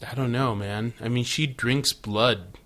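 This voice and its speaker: A male podcast co-host in easygoing chat, recapping a show with crude jokes and running commentary. His voice sits in an ordinary middle pitch. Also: fairly even intonation, unhurried, fairly bright tone. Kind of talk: casual chat.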